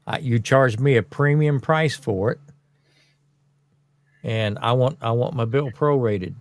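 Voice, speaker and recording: A man's voice: medium pitch, measured pace, no echo. A man hosting a casual podcast, speaking in a plain, blunt way. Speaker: podcast host.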